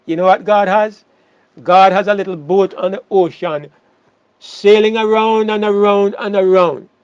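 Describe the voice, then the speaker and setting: High-voiced emphatic male preacher, dull sound. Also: a little slow, darkish tone, clean tone, dry recording. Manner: emphatic, repeats words and restarts phrases. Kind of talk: sermon.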